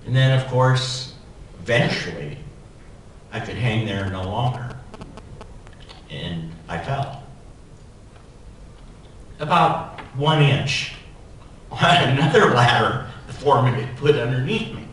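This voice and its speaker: A man giving a keynote speech as a society president, telling a personal anecdote in an animated, humorous way. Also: mid-range voice, slow pace, long pauses, a little hiss or hum. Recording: echoey hall, voice from far off.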